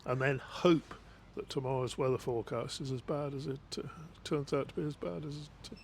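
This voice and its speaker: Gravelly-voiced man giving calm cricket analysis. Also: mid-range voice, fairly quick, slight background noise. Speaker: co-commentator. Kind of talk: radio cricket commentary. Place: radio commentary booth.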